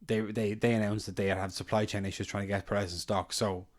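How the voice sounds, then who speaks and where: A man's voice: fairly low pitch, flat delivery, quick pace. A man co-hosting a casual podcast, rambling with lots of ums and restarts. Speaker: podcast co-host.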